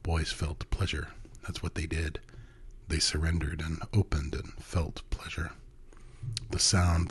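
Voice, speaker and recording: A man narrating a first-person story in an intimate, hushed way, often dropping to a whisper. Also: very deep voice, breathy edge.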